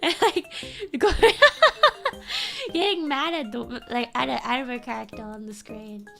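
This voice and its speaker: A woman streamer telling a childhood story in casual chat, animated and laughing often, with sudden shouted impressions. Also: sits high, slow pace, gravelly. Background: soft background music.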